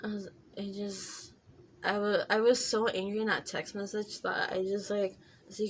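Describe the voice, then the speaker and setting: Chatty woman with a gravelly voice. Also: mid-range voice, steady tone, normal speed, a bit bright, slight background noise. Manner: chatty, many fillers and restarts. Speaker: vlogger. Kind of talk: casual storytime vlog.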